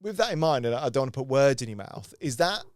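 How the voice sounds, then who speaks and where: A man hosting a sales podcast, agreeing often and asking open questions in a relaxed chat. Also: medium pitch, fast, no room sound, studio quality. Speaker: podcast host. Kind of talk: casual conversational interview.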